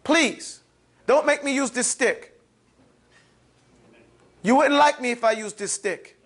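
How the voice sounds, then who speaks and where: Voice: sits high, takes it slowly. An Arabic reading teacher in a live classroom, teasing the class and stressing each letter sound. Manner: emphatic, teasing, calls out letters for the class to repeat. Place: classroom with students.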